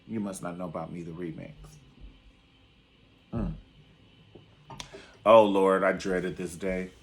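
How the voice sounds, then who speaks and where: A man's voice: deep voice, steady tone, takes it slowly, slight background noise. Sassy guy spilling tea on a reality show, theatrical, honey this honey that. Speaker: TV show reviewer. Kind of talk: casual commentary video.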